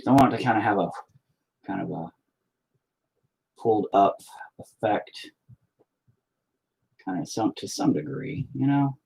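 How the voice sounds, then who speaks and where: A man's voice: on the low side, lively intonation, measured pace, vocal fry, pauses often, darkish tone, slightly rough, rough recording. A man chatting casually as he paints at home, rambling, swearing often and joking around. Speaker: artist painting on a stream. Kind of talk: casual chat while painting. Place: at home near the dining table.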